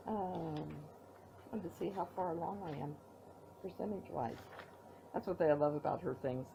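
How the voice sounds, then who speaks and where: A woman's voice: fairly low pitch, vocal fry, dark tone, a little hiss or hum, poor audio. A tired middle-aged woman hosting a knitting podcast from her home, chatting casually and rambling as she shows her projects with playful reveals. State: tired, yawning. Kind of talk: casual show-and-tell chat. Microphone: tablet recording.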